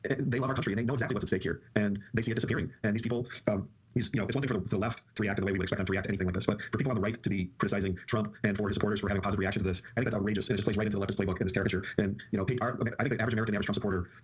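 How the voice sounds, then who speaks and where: A man's voice: on the low side, fairly even intonation, very fast, husky. A man on a podcast talking politics in an impassioned, speechifying way, on dull lo-fi audio. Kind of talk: casual political chat.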